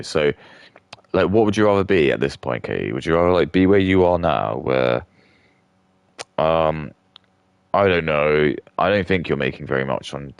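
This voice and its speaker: Male gaming streamer, extremely low and gravelly, rambling, crude, dry close sound. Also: dry recording. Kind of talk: casual commentary while gaming.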